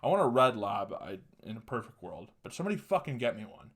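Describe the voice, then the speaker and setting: A man's voice: medium pitch, big pitch swings, fast talker, fairly bright tone. A man in his twenties telling a crude, rambling story as a podcast host, swearing freely and laughing often.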